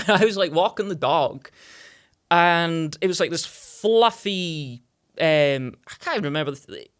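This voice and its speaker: A young man with a notably high-pitched voice tells a long story as a podcast guest. He rambles, stacks up fillers and gets animated as the tale builds. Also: unhurried, clear, resonant tone. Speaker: podcast guest, indie filmmaker. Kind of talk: casual anecdote telling.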